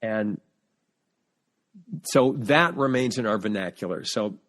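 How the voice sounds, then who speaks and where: A fairly low-pitched man speaks slowly as a podcast guest. Chatting casually, he tells lively stories about his family and keeps starting sentences over as he searches for words.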